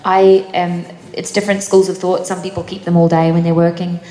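A woman's voice: lowish voice, flat delivery, a little fast, warm tone. A young woman with a New Zealand accent, answering fan questions at a convention panel, chatty and laughing often between fillers. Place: convention hall. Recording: echoey hall, faint noise.

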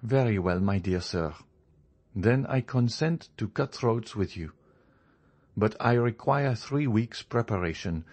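A man with a lowish voice reads an audiobook part, giving a composed, measured and deliberate delivery. The character is a young male journalist, calm with a faint note of mockery.

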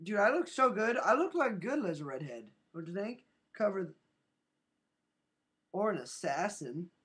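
A man's voice: high-pitched, sing-song, normal speed, a bit bright. A man rambling in a goofy, casual way into his webcam, with silly sound effects. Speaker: webcam vlogger. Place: at home in front of a webcam. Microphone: built-in webcam mic.

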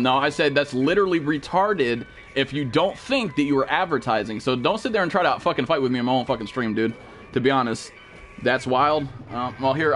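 A man's voice: fairly high pitch, fairly bright tone. A young man streaming a game live, talking to his chat in a blunt, profane, scolding way. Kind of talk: live gameplay stream commentary.

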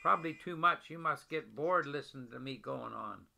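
An older man talking tenderly to his wife over a video call, gentle and affectionate, often repeating pet names. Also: medium pitch, normal speed, gravelly, a little hiss or hum.

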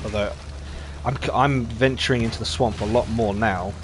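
A man giving casual, rambling commentary while streaming a game, chatting easily and getting excitable when the action heats up. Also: lowish voice, normal speed, noisy background. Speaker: gaming streamer.

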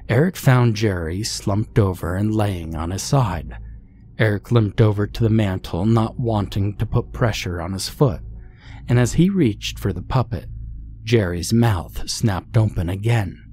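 Man, scary story narration, husky, low pitch, calm and measured. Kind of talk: scripted narration.

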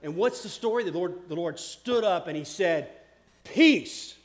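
A pastor with a high voice preaches a sermon. He hammers points loudly, drops to a near hush, repeats himself, and fires questions at his listeners. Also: animated, moderate pace. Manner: emphatic preaching with sudden swings from loud to hushed; repeats words and asks the crowd questions.

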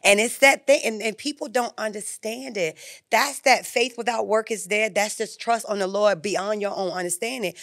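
A woman's voice: medium pitch, a bit bright, no echo. Woman, co-host, casual faith chat, vivid retelling, dry close sound. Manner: quick affirmations, vivid retelling.

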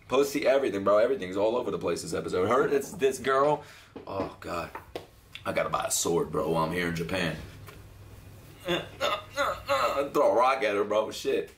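Excitable, foul-mouthed young man reacting. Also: fairly low pitch, moderate pace, a little hiss or hum. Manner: excitable, profane, laughs often. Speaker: anime reaction host. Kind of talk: live reaction commentary.

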